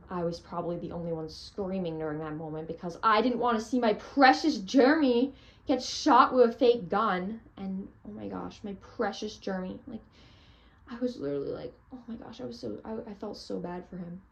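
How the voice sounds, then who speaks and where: A woman's voice: medium pitch, moderate pace, vocal fry. A teenage girl gushing about a theater trip, breathless and full of "like" and "oh my gosh". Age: teens. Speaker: theater fan vlogger. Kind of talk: excited storytelling.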